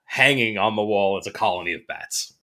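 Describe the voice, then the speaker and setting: A man's voice: lowish voice, a little fast. A man co-hosting a podcast, casually telling a story and chuckling as he goes. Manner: animated storyteller who chuckles through anecdotes. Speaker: podcast co-host.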